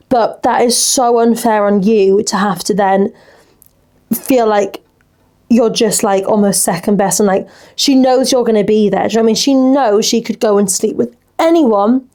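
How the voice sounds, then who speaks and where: Chatty young woman, mellow voice. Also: medium pitch. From England. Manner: chatty, fills talk with "like", frank advice. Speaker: podcast host reading listener messages. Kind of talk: casual chat.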